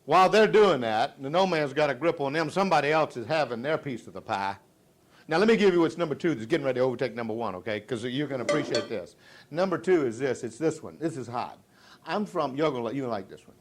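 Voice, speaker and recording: Middle-aged guy, bit of a high voice, hypes up a sales crowd, goes loud then hushed, cracks jokes. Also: expressive, fast talker. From Virginia, US. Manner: dramatic swings from loud to hushed, joking, audience call-and-response. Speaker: sales motivational speaker. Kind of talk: live motivational speech.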